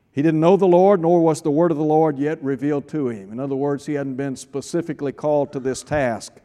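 A man delivering a sermon, reading scripture in measured phrases and leaning on key words. His voice sits fairly high for a man. A long reverb trails behind it, as in a large hall. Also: darkish tone. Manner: reads scripture aloud, pausing on phrases and slowing for emphasis. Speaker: preacher.

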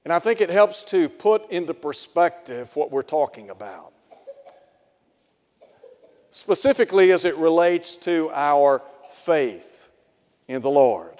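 A man's voice: a little high, sing-song, measured pace, pauses often, darkish tone. A man preaching a sermon in an earnest way, asking his listeners rhetorical questions. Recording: long hall reverb.

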